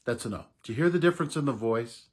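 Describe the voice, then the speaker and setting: A middle-aged man giving unhurried, casual advice to camera as a voice coach, explaining with soft laughs. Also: medium pitch, expressive, slightly rough.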